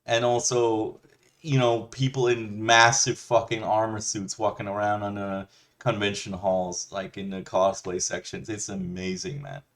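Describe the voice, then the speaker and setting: Give me a low-voiced man giving a blunt, profane, rambling rant as a reaction host. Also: level tone, unhurried, fairly bright tone. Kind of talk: ranting commentary.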